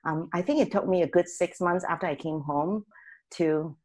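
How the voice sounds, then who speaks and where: A woman guest on a talk show telling a personal story in an animated way, often laughing and acting out what people said. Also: on the low side, moderate pace.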